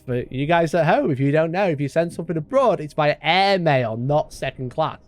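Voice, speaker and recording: A man giving animated, sweary online-drama commentary, reading posts aloud with mocking asides. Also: on the high side, fairly quick, dry recording. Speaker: YouTube commentator.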